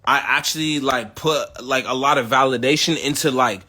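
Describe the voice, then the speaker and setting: A man's voice: medium pitch, moderate pace, sharp tone. A young man from the United States ranting in a casual, rambling, heavily profane way. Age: young adult. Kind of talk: casual rant.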